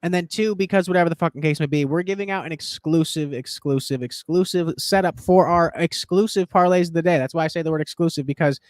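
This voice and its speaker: A man hosting a casual sports betting chat, excitable and profane, rambling as he pushes his picks. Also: on the high side, fast, few pauses, dry recording. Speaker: podcast host and betting tipster.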